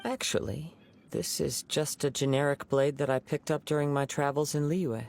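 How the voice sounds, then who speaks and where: An actor voicing a calm wandering young male swordsman in a video game, speaking in a composed, measured, gentle manner. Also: fairly high pitch, creaky. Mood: earnest. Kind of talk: game voice acting. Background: game music.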